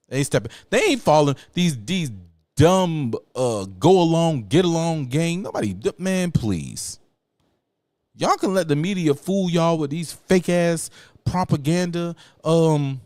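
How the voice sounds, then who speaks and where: A man's voice: fairly high pitch, a little mellow, no echo. A man hosting a political commentary show, slangy and emphatic, repeating lines for effect.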